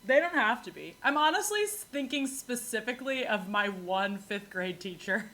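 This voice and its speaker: Woman, from New York, podcast host, comic monologue, animated, frequent laughter, higher pitch. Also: normal speed. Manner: animated, laughs often, rambling asides. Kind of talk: comedic solo monologue.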